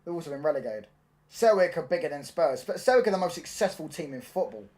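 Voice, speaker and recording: Animated young football streamer. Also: male voice, fairly high pitch, fast talker. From London. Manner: animated, slangy, repeats "do you get what I'm saying". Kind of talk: casual live-stream chat.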